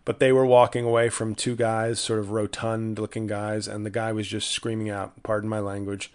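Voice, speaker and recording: A man hosting a casual solo podcast, rambling and self-deprecating with many restarts. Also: medium pitch. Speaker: podcast host.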